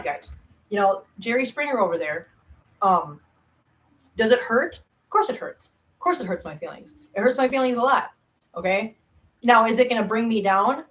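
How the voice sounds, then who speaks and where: A woman's voice: a little high, a bit bright. Brief: middle-aged woman, casual streamer, loose chatty delivery with restarts. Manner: chatty, rambling, frequent restarts and self-laughs; reads viewer chat aloud. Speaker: YouTube cat channel host. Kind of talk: casual live stream chat.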